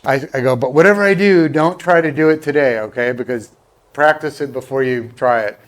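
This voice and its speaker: A man's voice: medium pitch, brisk. A man telling a long, rambling golf anecdote in casual chat, acting out the people he quotes. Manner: rambling storyteller, acts out quoted voices. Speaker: guest golfer.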